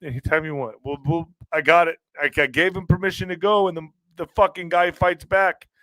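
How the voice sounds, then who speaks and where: A middle-aged man talks casually on his livestream, earnest and rambling as he breaks off and restarts his sentences. He sounds worn down and strained. His voice is smooth and clear, recorded close and dry. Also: sits high, steady tone, moderate pace, pushed and bright, dry recording, poor audio. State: emotionally strained and weary. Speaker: livestream podcast host. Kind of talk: casual livestream chat reading viewer comments.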